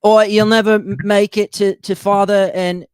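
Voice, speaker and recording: A man's voice: sits high, level tone, normal speed, clear, resonant tone, dry recording, pitched above the performer's own voice, lightly acted. A man voicing a dying male bird villain who gasps out his last spiteful words. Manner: breathless, broken last gasps.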